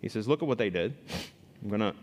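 A man preaching a sermon as pastor, earnest and lively, often restarting phrases as he explains scripture. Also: fairly low pitch, quick pace, big-room sound, highs cut off.

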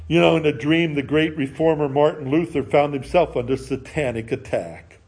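A middle-aged male pastor preaching a sermon in a slow, measured way, letting his phrase endings drop low and soft. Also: husky.

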